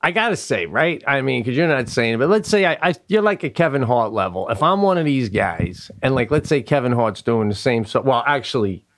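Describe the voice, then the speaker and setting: A man's voice: medium pitch, very animated, brisk, hardly any pauses, a bit bright. A man co-hosting a podcast, riffing and rambling with frequent laughter. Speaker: podcast co-host. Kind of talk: casual comedic chat.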